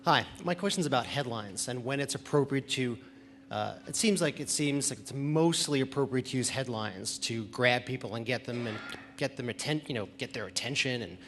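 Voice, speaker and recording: A man's voice: medium pitch, moderate pace, fairly bright tone, big-room sound, slight background noise. A man in the audience asking a question, hesitant and restarting his phrases.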